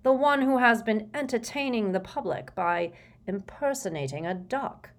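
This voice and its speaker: A woman voicing a cold, brisk male wizard minister who speaks curtly and matter-of-factly. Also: high voice, lively intonation, a bit bright, voice pushed up. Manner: curt, cold, matter-of-fact.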